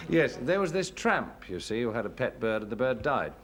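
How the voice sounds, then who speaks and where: Hesitant male comic storyteller, mid pitch, lively, slight background noise. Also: normal speed. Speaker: comedian.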